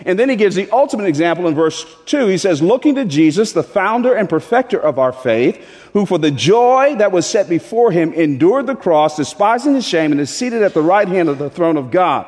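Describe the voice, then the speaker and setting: A man preaching a sermon as pastor, with emphatic delivery that leaps into high, animated voicing. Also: brisk. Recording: echoey hall with long reverb.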